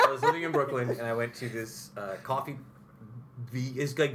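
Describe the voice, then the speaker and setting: A young man hosting a podcast, chatting casually with guests and telling animated stories with frequent laughter. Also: mid-range voice, a little hiss or hum. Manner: animated storyteller, laughs often. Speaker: podcast host. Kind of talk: casual interview chat.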